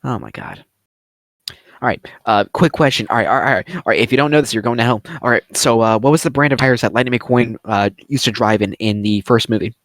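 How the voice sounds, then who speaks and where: A man's voice: mid-range voice, fast, a bit bright, no room sound, clean studio sound. A young man co-hosting a podcast, chatting casually, rambling and swearing a lot. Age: young adult. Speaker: podcast co-host. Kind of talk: casual chat.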